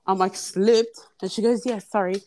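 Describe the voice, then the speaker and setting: A woman's voice: on the low side, brisk. A young woman telling a long story in casual podcast chat, acting out the other people's lines. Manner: animated, acts out quoted voices. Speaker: podcast guest. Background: children in the background.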